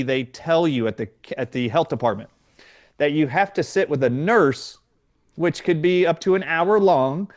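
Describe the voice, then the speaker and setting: Animated, emphatic storytelling man. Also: a little high. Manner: animated, emphatic, acts out dialogue. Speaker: guest doctor. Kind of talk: storytelling in an interview.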